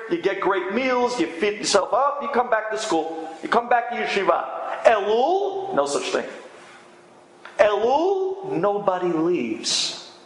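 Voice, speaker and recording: A man, a rabbi, telling an inspirational story in a dramatic way, dropping to hushed tones and rising to loud exclamations. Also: high voice. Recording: echoey room with faint ambient noise.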